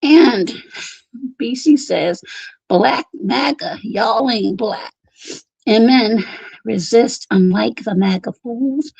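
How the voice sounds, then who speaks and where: A woman's voice: on the high side, slow, creaky, pauses often, darkish tone, slightly rough, dry recording, dull audio. A woman hosting a casual livestream, laughing often as she reads viewer comments aloud. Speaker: livestream host.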